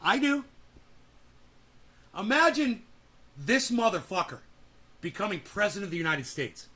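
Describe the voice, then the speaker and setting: High, bright, profane ranting man. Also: sing-song, measured pace. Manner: profane, shouting, mocking. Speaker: commentary host. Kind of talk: ranting reaction commentary.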